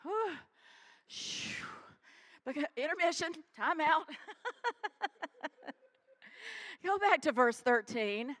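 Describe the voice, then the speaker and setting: A woman pastor preaching a sermon in church, animated and calling out to the congregation. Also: high-pitched, slow pace, long pauses. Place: church sanctuary.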